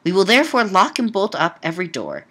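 A woman's voice: medium pitch, wildly swooping pitch, fast, a bit bright. A woman reading the lines of a frightened young heroine in a Gothic tale, with anguished exclamations. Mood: distressed.

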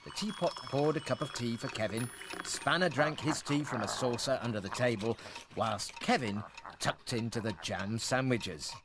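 A man narrating a children's story in an expressive, storytelling manner. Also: medium pitch, normal speed, background noise.

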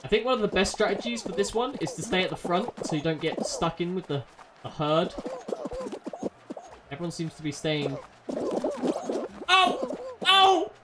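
Woman, gameplay commentary, wildly swooping pitch, yells at opponents, noisy recording. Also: moderate pace, pauses often. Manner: excitable, yelling at other players. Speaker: gaming channel host.

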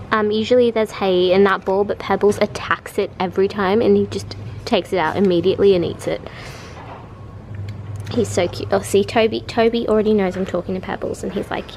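This young woman's medium-pitched voice is darkish, fairly even in intonation, and a little fast. She's a vlogger having a casual, gushing chat to camera from her home bedroom, occasionally using baby talk with her pets. There's slight background noise.

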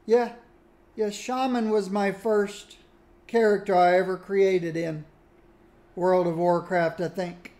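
A man casually reminiscing about old games while he plays, musing aloud in a relaxed way. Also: sits high, slow pace. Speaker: gaming streamer. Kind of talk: casual commentary while playing.

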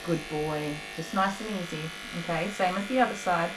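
A young woman dog groomer talking gently and coaxingly to a nervous dog while she works, openly emotional and tender. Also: on the low side, normal speed. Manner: gentle, coaxing, soft-spoken. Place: grooming salon, indoors. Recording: clipper buzz and background noise.

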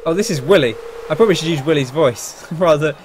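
A man's voice: a little high, fast talker, background noise. A young man casually commenting on a video game as host, chatty with wry asides. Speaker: let's play host.

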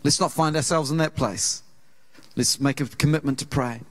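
In a church auditorium, a New Zealand-accented pastor delivers a sermon built around a personal story, warm, earnest and conversational, acting out the voices of the people involved. His voice sits a little high and he speaks at a normal speed.

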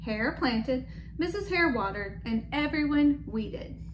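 A woman reading a picture book aloud to children, gentle and stopping to ask them questions. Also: high-pitched, expressive, takes it slowly, noisy background. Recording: echoey room with faint background.

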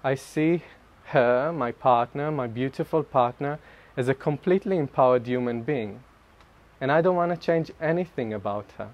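A man giving a personal spiritual talk to a group, animated and self-mocking, often laughing mid-sentence. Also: medium pitch, normal speed, dull audio. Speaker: speaker sharing at a group retreat.

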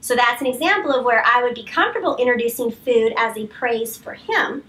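High-voiced woman trainer, heard from off the mic. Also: brisk, distant mic, poor audio. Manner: calm, firm commands to dogs mixed with explanation. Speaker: dog trainer. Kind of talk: live training demonstration.

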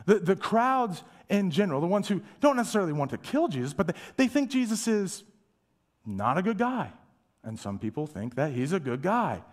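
A male pastor preaching a sermon, emphatic, asking rhetorical questions and dropping to a hush at times. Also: on the high side. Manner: dramatic shifts from loud to hushed, whispering asides.

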